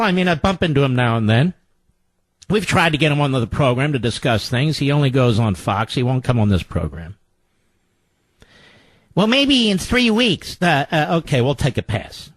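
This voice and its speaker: A man's voice: medium pitch, big pitch swings, fairly quick, no room sound. A man hosting a political talk radio show, delivering a sarcastic, mocking monologue.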